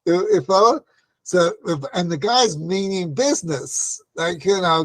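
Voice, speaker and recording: Slow and fairly bright in tone, this man's high voice carries a Torah class in a dry recording. He keeps the storytelling conversational with frequent "right?" asides and dramatizes the quoted lines.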